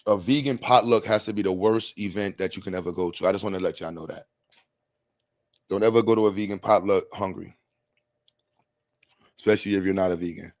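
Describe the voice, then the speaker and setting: Male livestream host, lowish voice, casual rambling slang-heavy delivery. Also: brisk, pauses often, darkish tone. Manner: loose, rambling, slangy with frequent laughs.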